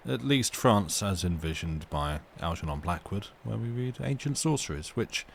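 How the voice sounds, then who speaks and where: A fairly low-pitched man chatting casually with his live-stream viewers from home. He rambles and interrupts himself as he goes. A faint hum sits underneath the recording. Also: animated, normal speed, creaky. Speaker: livestream host reading stories aloud.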